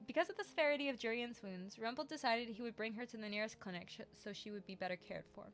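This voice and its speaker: A woman hosting a let's play, reading a visual novel's narration and lines aloud and chatting with a friend, animated with dry sarcastic asides. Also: on the high side, fast, faint music behind. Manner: animated, laughs often, breaks into dry sarcasm.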